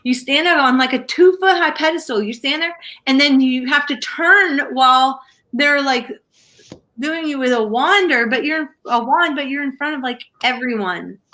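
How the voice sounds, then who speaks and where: A woman hosts a livestream in a casual, chatty way. She rambles through her stories with plenty of fillers. Her voice sits a bit high and sounds bright and forward. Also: moderate pace. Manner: chatty storyteller with many fillers. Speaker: livestream crafting host. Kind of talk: casual chat to a live audience.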